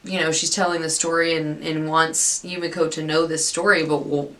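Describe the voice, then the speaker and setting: A woman's voice: deep voice, flat delivery, moderate pace, a bit bright. A woman giving a casual, rambling recap of a TV episode, often interrupting herself as she retells it. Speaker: TV episode reviewer.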